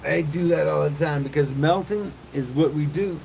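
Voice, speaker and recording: A man's voice: fairly high pitch, moderate pace, creaky. Crude rambling man on a noisy livestream. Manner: crude, rambling storyteller with loud acted quotes. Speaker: livestream host. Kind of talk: casual livestream chat with viewers.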